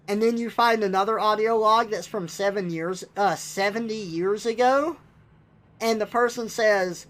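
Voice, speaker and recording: A man's voice: high-pitched, moderate pace, fairly bright tone. A young man on a live stream, ranting bluntly and with exasperation, swearing now and then. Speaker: livestreamer. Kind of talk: casual live-stream rant.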